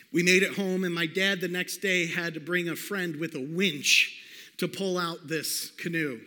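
A man preaching a sermon, telling a personal story in an animated way and calling out to the congregation. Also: sits high. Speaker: pastor. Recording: long hall reverb.

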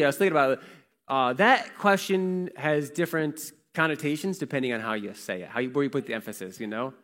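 A man's voice: fairly high pitch, a bit bright. A man preaching a sermon to a congregation, telling a story in a conversational way and putting questions to the listeners. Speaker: pastor. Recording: long reverb of a large hall.

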